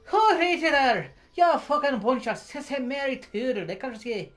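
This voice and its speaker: A drunk man putting on an exaggerated mock Scottish-Irish brogue, playing a rowdy, profane Celtic man who shouts taunts. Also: very high-pitched, expressive, measured pace, heavily acted. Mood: taunting. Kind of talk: comic impression on a live stream.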